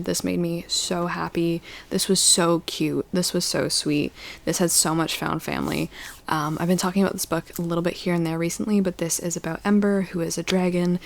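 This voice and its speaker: A young woman talks through her favourite reads in a casual vlog, her low voice carrying a gravelly fry. She gushes and jokes playfully, and she often dips into a whisper. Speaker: book reviewer. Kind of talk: casual book review vlog.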